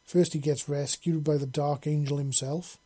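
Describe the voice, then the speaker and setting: Guy reading fan fiction out loud, dark husky voice, lots of little slips. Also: a little high, fairly even intonation, moderate pace, dry recording. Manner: casual, with frequent slips and restarts. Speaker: narrator.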